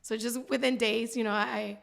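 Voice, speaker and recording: Woman, 30s, gravelly fry, fairly high voice, candid interview guest, rambling and heartfelt. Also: fairly even intonation, moderate pace. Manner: heartfelt, rambling, with frequent laughs. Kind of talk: candid personal interview talk.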